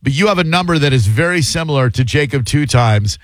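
A man's voice: a little high, lively intonation, a little fast, no echo. A man hosting a radio call-in show, riffing wryly and with strong opinions in casual banter with callers.

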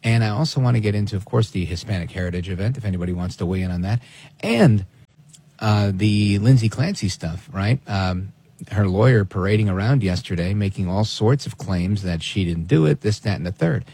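A man hosting a talk radio show, giving opinionated commentary in a sarcastic, animated way. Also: on the low side, fairly quick, husky. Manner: animated and sarcastic, mimics people in quoted asides.

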